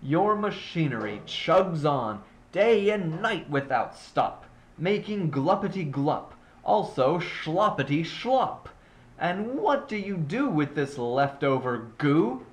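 A grumpy old male creature from a storybook, played by a man reading aloud, scolding in a croaky voice. He drags his words out slowly, and his pitch leaps up and down as he complains. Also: big pitch swings. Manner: scolding and pleading. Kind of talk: storybook character voice.

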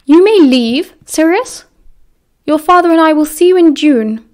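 A woman's voice: sits high, animated, measured pace, a little mellow, pitched above the performer's own voice. A woman doing a haughty, barking aristocratic mother. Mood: imperious. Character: cold stern aristocratic mother, older woman.

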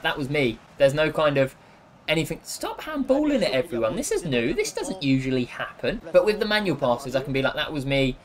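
A young man giving excitable, jokey live commentary on a football video game, cheering and scolding the players. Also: mid-range voice, a little hiss or hum. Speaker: gaming YouTuber.

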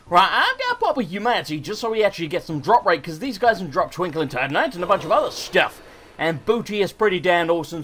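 An English man commenting on a game he is playing, excitable and self-mocking, with plenty of swearing. His voice sits high and leaps around a lot, full of bounce. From England. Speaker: let's play host. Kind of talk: gameplay commentary.

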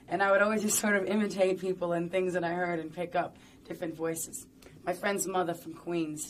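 A woman's voice: fairly low pitch, fairly even intonation, fairly quick, slight background noise. A woman talking casually and playfully in an interview, rambling and chatty with lots of fillers.

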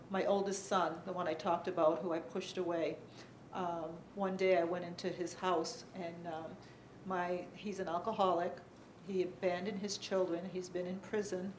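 A middle-aged woman giving earnest personal testimony as a panelist at a conference, speaking haltingly with pauses and fillers. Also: on the low side, a little mellow, roomy sound, slight background noise, low-quality recording. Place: conference room.

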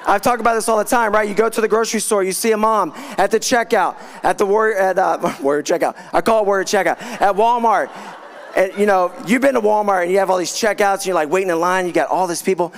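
A man's voice: sits high, steady tone, quick pace. A man preaching to a live congregation, fired up and telling stories with exclamations. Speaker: guest preacher.

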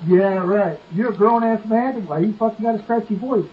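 Very high-pitched man, mocking voice-chat insults, muffled lo-fi audio, crowd noise behind. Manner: mocking, quick retorts. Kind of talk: heated trash talk in online voice chat.

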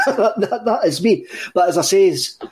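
A Scottish man with a fairly high voice tells a story on a podcast in a loose, rambling way. He stumbles over and repeats his words and laughs often as he talks. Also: expressive, unhurried. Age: 30s. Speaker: podcast co-host. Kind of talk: casual storytelling chat.

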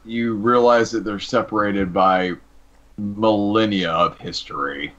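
A man running a tabletop role-playing game as game master, narrating in a relaxed way with hesitant fillers. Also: on the low side, measured pace, muffled recording.

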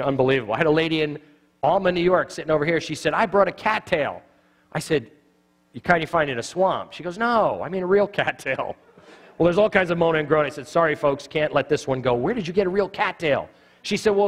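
A middle-aged man teaching evangelism at a church, telling stories and acting out the dialogue. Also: fairly high pitch. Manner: animated storyteller acting out dialogue. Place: church sanctuary.

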